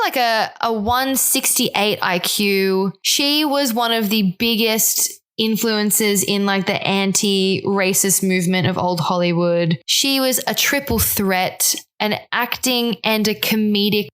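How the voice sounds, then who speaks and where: A woman chats on a podcast with easy enthusiasm. She throws in quick asides as she talks. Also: mid-range voice, animated, fairly bright tone, clear, resonant tone. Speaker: podcast co-host. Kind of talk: casual chat.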